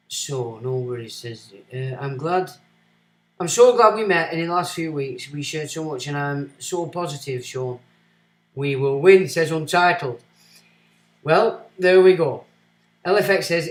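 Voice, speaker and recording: A man's voice: on the high side, echoey room. A man with a Lancashire accent, hosting a casual livestream, answering viewer comments in a blunt, rambling way with many ums. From Northern England. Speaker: livestream host.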